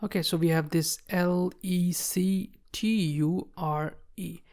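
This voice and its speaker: Female tutor, lowish voice, patient walkthrough narration of writing strokes. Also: fairly even intonation, slow pace, darkish tone. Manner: patient, explains while writing, frequent "okay, so see". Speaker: shorthand teacher. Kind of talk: step-by-step tutorial.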